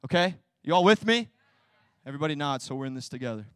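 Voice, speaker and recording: A young man preaching with a high, bright voice that swings from hushed asides to loud, fired-up peaks. He talks to his congregation in a loose, slangy way, and the sound is close and dry with no room echo. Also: fast talker. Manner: energetic, swings from quiet to loud, casual slang. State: tearful. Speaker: pastor. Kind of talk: sermon.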